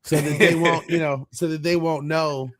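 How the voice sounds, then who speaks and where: With a somewhat high, slightly bright voice, a steady tone, and a moderate pace, this American sports podcast host goes on a casual rant, blunt and full of swearing.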